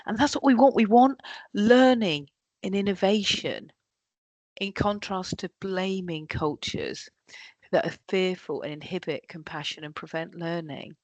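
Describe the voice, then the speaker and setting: A woman's voice: on the low side, measured pace, dry recording. A woman giving a leadership workshop talk, often acting out what colleagues say. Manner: lively, acts out quoted colleagues. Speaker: workshop trainer.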